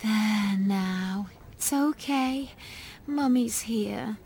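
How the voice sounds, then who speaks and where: A woman's voice: mid-range voice, extremely slow, a little mellow, slight background noise. A woman voicing a worried, doting mother who fusses and insists. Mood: soothing. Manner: fussing, emphatic, worried. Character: anxious, doting middle-aged British mother.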